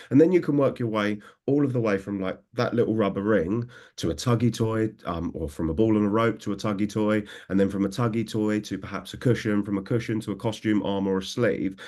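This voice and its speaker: Enthusiastic thirties man, lower voice. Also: darkish tone. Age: 30s. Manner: enthusiastic, acts out quoted remarks. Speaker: dog trainer. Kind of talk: conversational interview.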